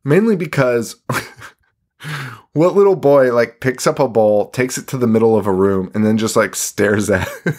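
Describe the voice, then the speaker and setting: A man's voice: medium pitch, a little slow, darkish tone. A man co-hosting a podcast, casually recapping a film with lots of swearing, laughter and mocking quotes. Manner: profane, laughing, rambling recap with mock quotes. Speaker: podcast co-host. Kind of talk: casual chat recapping a movie.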